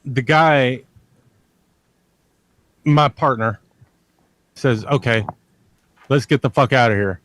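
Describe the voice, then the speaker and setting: A man's voice: mid-range voice, slow, long pauses, fairly bright tone, dry recording. A man telling a long personal story as a podcast guest. He rambles, repeats himself and curses freely. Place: lives near a large army base in Texas.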